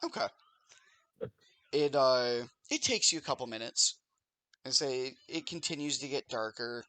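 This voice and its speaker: Bright-voiced man running a tabletop game. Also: medium pitch, measured pace. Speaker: game master.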